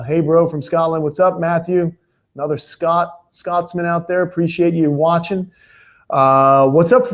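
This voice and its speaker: A man hosting a live question-and-answer stream, laid-back and casual, calling viewers dude and man. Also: on the high side. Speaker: host.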